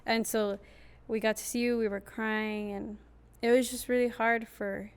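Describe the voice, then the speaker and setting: A young woman with a fairly high voice hosts a casual podcast. She tells her memories in a chatty, flowing way, now and then slipping into the voices of the people she quotes. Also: level tone, unhurried, smooth. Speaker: podcast host.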